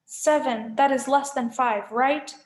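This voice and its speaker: A woman's voice: high voice, slow. A woman voicing a huge, brutish, half-blind male Cyclops who bellows his demands. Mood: gruff. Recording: echoey room.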